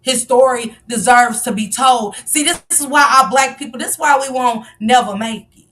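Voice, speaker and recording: A woman's voice: on the high side, normal speed, fairly bright tone, far from the mic, a little hiss or hum. A woman giving passionate live-stream commentary, firing off rhetorical questions and sometimes raising her voice. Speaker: livestream commentator.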